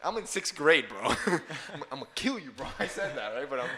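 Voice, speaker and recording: A young man co-hosting a casual podcast, telling a story with animated energy and frequent laughter. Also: on the high side, fairly quick, crowd noise. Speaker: podcast co-host.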